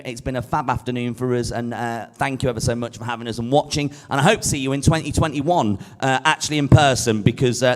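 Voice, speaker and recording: A man in his late twenties, a drag performer, bantering camply and cheekily between songs at a live show. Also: fairly high pitch. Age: late 20s. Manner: camp, cheeky, self-mocking jokes. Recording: loud pop music behind. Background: loud dance music.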